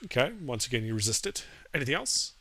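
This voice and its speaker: A man's voice: medium pitch, very animated, fast talker, pushed and bright, no echo. A man acting as dungeon master, calling out rolls and damage on a live stream. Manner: calls out rolls and damage, laughs easily. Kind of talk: running a tabletop game on a live stream.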